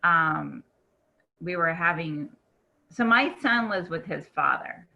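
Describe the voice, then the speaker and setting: A woman from Virginia, a guest on a video call interview, speaking haltingly with fillers. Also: lowish voice, lively intonation, gravelly, pushed and bright, muffled recording.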